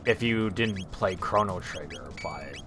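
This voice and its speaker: With music playing behind him, a man with a low, expressive voice talks at a moderate pace while co-hosting a let's play. His gameplay chat is laid-back and drawling, and he swears casually now and then.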